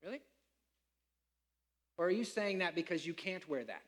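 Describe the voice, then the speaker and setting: A man preaching a sermon as pastor, animated and acting out the people he quotes. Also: high-pitched, normal speed.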